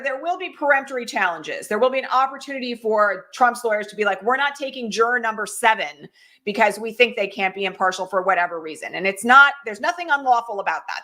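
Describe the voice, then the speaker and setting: This is livestream commentary from a middle-aged political host whose voice sits on the high side with a fairly bright tone. She talks with urgency and directness and keeps asking viewers rhetorical questions.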